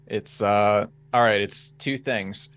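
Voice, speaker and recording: A relaxed man co-hosting a casual podcast chat, giving short easygoing replies. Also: fairly low pitch, slow pace, clear, resonant tone, poor audio. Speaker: podcast co-host.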